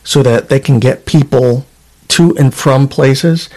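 A man's voice: mid-range voice, takes it slowly, darkish tone. A man who served as a state trooper, talking casually in an interview and reading out emails, with frequent fillers and restarts. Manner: conversational, reads out documents, frequent fillers.

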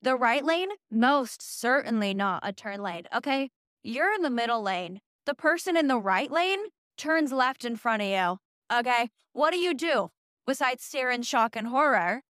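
A woman's voice: fairly high pitch, expressive, measured pace, fairly bright tone, smooth, dry recording, studio quality. A young woman from Utah chatting casually to camera, sarcastic and full of "like" asides and swearing. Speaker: vlogger. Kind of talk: casual chat.

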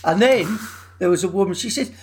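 A man who works as a carpenter, telling lively stories in a casual football chat and swearing freely. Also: sits high, brisk, slight background noise. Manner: animated storyteller, swears. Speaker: podcast guest, carpenter.

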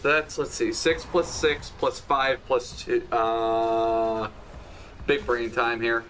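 A man runs a tabletop role-playing game, narrating what happens and asking the players what they do. His voice has a bright, forward tone at an ordinary pitch. He often stops mid-thought and fills the gaps with "uh". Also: flat delivery, a little hiss or hum. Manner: halting, filler-heavy. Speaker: game master. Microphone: streaming setup with audio box.

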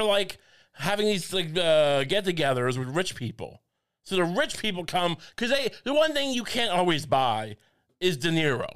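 A man riffing loosely on a podcast, his talk full of restarts and self-mocking asides. His voice is smooth and resonant and sits a little high for a man. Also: a bit bright. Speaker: podcast co-host. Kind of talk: casual comedic chat.

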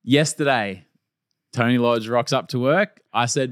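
A man's voice: medium pitch, animated, normal speed, dry recording, studio quality. A man co-hosting a podcast, telling stories in a wry, teasing way. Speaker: podcast co-host. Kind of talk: casual podcast chat. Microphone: studio mic.

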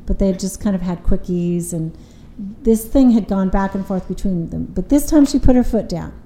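A woman's voice: mid-range voice, warm tone, reverberant, rough recording. A woman couples therapist explaining relationship patterns in an earnest, conversational way, often retelling what her clients said.

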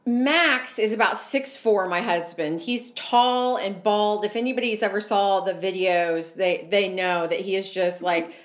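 A woman's voice: mid-range voice, a little slow, hardly any pauses. A woman co-hosting a casual talk, telling a funny story about her husband. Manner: storytelling, teasing and lively. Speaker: co-host. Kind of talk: casual chat.

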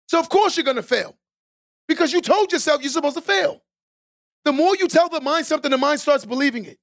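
A man hosting a podcast, delivering an emphatic, preachy motivational monologue that repeats key lines and builds to shouted exhortations. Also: very high-pitched, brisk. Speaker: podcast host.

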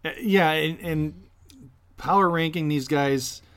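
Casting: male co-host, fairly high voice, steady and calm, keeps the talk moving. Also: clear, resonant tone. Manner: measured, steers the conversation. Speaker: podcast co-host. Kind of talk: casual chat.

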